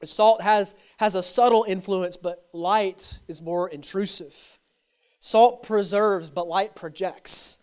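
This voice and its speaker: A man's voice: high voice, steady tone, slow, darkish tone, smooth. A male pastor preaching a sermon earnestly, repeating key phrases for emphasis.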